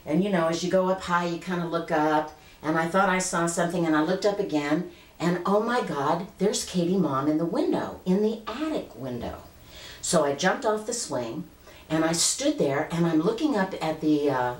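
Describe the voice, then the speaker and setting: A woman's voice: on the low side, roomy sound, rough recording. A woman in her late fifties earnestly telling a personal story to the camera in a conversational way. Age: 50s. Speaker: vlogger.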